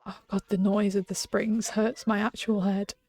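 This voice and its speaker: A young woman talks through a game on a live stream from a small room at home, chatty and quick to giggle. She often drops into a hushed whisper. Her pitch sits mid-range, and the close mic sounds dry with no room echo. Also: little pitch movement, breathy edge. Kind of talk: casual live-stream chat.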